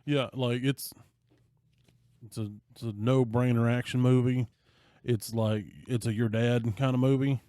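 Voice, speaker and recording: A man's voice: mid-range voice, unhurried, no echo, studio quality. A man co-hosting a podcast, telling a movie plot in casual chat and acting out the characters' lines as he goes. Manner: animated storyteller, acting out quoted lines. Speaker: podcast co-host.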